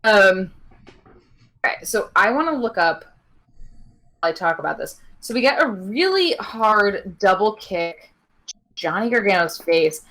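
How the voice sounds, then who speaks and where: A woman's voice: medium pitch, very animated, unhurried, pauses often, fairly bright tone. Giggly young woman recapping wrestling. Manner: chatty, giggly, many fillers. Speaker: podcast co-host. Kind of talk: casual wrestling recap chat.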